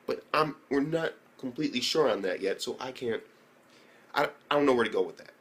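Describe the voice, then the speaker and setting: A young man talks through an anime episode in a loose, swearing, excitable rush. His voice sits at an ordinary middle pitch, and he keeps breaking into mock impressions of the characters. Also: a little fast. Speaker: anime reviewer. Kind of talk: casual profane recap.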